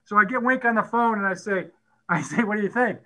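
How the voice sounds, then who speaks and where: Animated middle-aged male coach, high bright voice. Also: quick pace, low-quality recording. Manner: animated storyteller who acts out quotes and laughs often. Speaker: head football coach. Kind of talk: storytelling at a conference talk.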